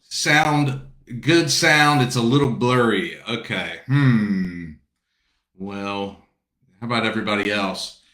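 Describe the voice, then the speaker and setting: A low-voiced man from South Carolina chats on a video call, rambling and greeting viewers as he hosts a book launch. His voice is bright and forceful. The sound comes through with a roomy echo. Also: takes it slowly. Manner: chatty, warm greetings to viewers, rambling asides. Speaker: author hosting a book launch livestream. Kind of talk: casual chat.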